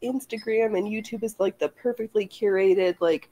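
A woman co-host in easy, playful chat, teasing her partner and laughing in quick bursts. Her voice sits at an ordinary middle pitch. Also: steady tone, mellow, low-quality recording. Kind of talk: casual chat.

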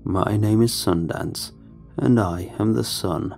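A man voicing a creepy, gaunt male sun being with a croaking voice, slow and drawn out in a horror story reading. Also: lowish voice, darkish tone, soft background music. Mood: creepy coaxing.

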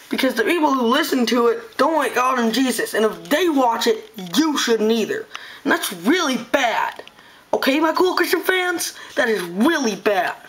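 A woman with a high, piercingly bright voice rants to the camera. Her delivery stumbles and circles back on itself. She keeps a tone of wide-eyed, earnest indignation throughout. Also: low-quality recording. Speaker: channel host. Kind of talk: comedic rant to camera.

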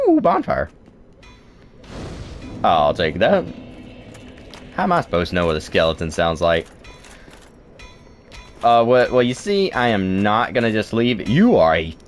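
A young man giving playful let's play commentary, chatting to the game and yelping at what happens. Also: on the low side. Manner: talks to the game, playful and excitable, yelps. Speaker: gaming video host.

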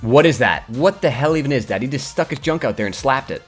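Young guy streaming a game, crude trash talk, voice jumps all over from mutters to yells. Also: mid-range voice, fast, breathy edge, faint music behind. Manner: excitable, crude trash-talking, yelling at the game. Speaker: gaming streamer. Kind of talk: live gameplay commentary.

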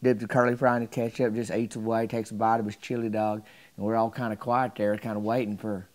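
A man telling a folksy comedic story to camera in a drawling, deadpan, chatty way. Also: lowish voice, brisk.

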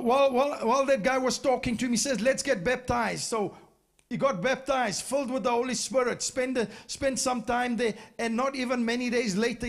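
A man preaching a sermon, retelling stories with emphatic, repeated phrases. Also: very high-pitched. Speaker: pastor. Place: church.

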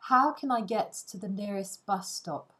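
A woman reading short English phrases one at a time for language learners, with pauses between them. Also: mid-range voice, bright, forceful tone.

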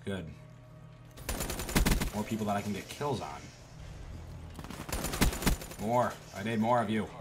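A man giving profane, trash-talking commentary over a shooter game, with sudden loud outbursts. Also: on the low side, takes it slowly, long pauses, loud music behind the voice. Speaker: gaming YouTuber. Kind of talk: gameplay commentary.

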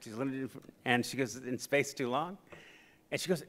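A man's voice: medium pitch, moderate pace. Middle-aged guy doing a funny keynote, acts out voices, big echoey hall. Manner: animated, acts out quoted voices for laughs. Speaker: keynote speaker. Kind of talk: humorous storytelling speech. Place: conference hall. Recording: reverberant hall.

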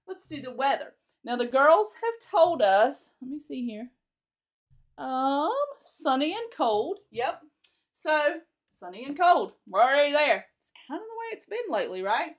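A woman leads a children's chapel lesson from a schoolroom, talking to young listeners. Her voice is sing-song and coaxing, a touch high, and it swoops lively up and down. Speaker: teacher leading online chapel. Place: schoolroom indoors. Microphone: microphone at a desk.

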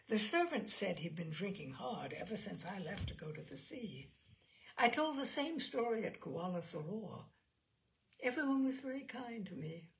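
A woman reading the part of a composed young widow who calmly tells of a killing. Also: on the low side. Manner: matter-of-fact, unrepentant telling.

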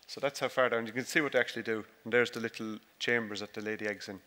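A man delivers a relaxed, joking farming talk full of fillers and restarts. His voice is bright and crisp. Long hall reverb trails every phrase. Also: lowish voice, fast. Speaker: conference speaker, dairy farmer. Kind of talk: conference talk with slides. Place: large conference hall.

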